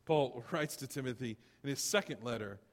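A man preaching a sermon as pastor, animated and rising to loud emphatic bursts. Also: medium pitch, moderate pace, big-room sound.

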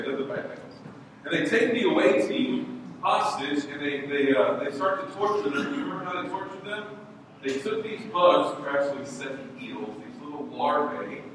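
A middle-aged man and pastor preaching a sermon in a church hall, telling stories and acting out the voices of others. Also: medium pitch. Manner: animated storytelling, acting out voices. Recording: echoey hall from far off, noisy.

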